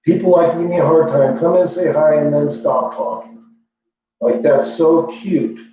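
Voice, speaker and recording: A man's voice: a little high, moderate pace, mellow. A man rambling in a boastful, profane, meandering casual monologue as a livestream host. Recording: echoey lo-fi room from far off with faint hum.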